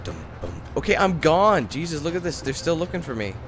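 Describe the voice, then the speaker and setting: A man's voice: on the high side, expressive, music in the background. Ranting gamer guy. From Canada. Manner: chatty, quick to curse and rant. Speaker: let's play gamer. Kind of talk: casual gameplay commentary.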